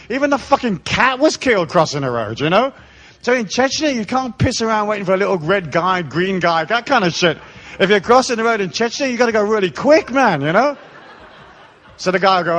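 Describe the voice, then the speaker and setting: A man's voice: high-pitched, animated, fairly quick, fairly bright tone. A man giving a live seminar talk to an audience, irreverent and playful, swearing freely as he tells stories. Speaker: seminar speaker.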